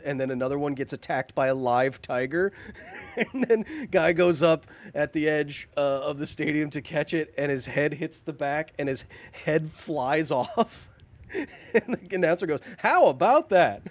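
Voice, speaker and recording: A man's voice: on the high side, moderate pace. A man in his thirties streaming a game live, joking with chat and laughing often between remarks. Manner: jokey, animated, laughs often, chats with viewers. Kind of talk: live gameplay commentary.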